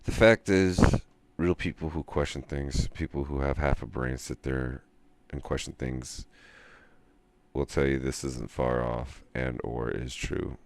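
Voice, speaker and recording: A man streaming, talking in a rambling monologue and ranting with drawn-out pauses. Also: steady tone, no echo. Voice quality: very deep gravelly voice.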